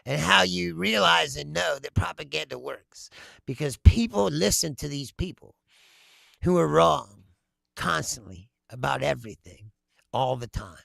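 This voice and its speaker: A man's voice: fairly high pitch, expressive, measured pace, gravelly, bright, forceful tone, no room sound. A man hosting a political commentary show, talking bluntly with lots of swearing and frequent laughter. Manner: laughs often, blunt and profane. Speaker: host.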